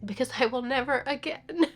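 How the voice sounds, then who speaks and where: A woman in her fifties talking in a personal vlog, teary and sniffling, laughing and crying at once and dropping into whispers. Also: medium pitch. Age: 50s. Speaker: vlogger.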